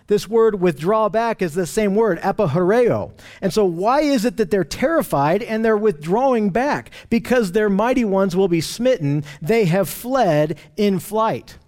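High-voiced man teaching a Bible lesson. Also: lively intonation, a little slow, few pauses, darkish tone. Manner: explanatory, with frequent restarts and fillers. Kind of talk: Bible study lesson with map.

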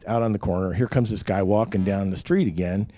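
Low, dark-voiced man telling his story. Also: a little fast, a little hiss or hum. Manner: rambling, candid, heavy with fillers and restarts. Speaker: testimony speaker. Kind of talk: personal testimony storytelling.

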